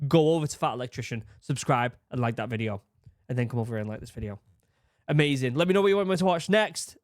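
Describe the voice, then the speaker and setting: A man's voice: mid-range voice, darkish tone, no echo, clean studio sound. A British man hosting a reaction video, talking in an effusive, emotional way and swearing freely. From United Kingdom. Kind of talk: casual reaction commentary. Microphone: studio desk mic.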